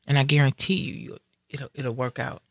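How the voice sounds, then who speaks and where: A woman's voice: extremely low pitch, little pitch movement, moderate pace, vocal fry, dry recording, studio quality. A middle-aged woman hosting a live stream, talking earnestly and emotionally in casual chat, often repeating herself. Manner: earnest, preachy, repeats phrases.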